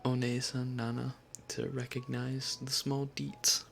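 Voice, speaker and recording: A woman chatting casually on a live stream, answering her chat in a soft, giggly, rambling way with lots of fillers. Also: very deep voice, level tone, measured pace, gravelly, faint music behind.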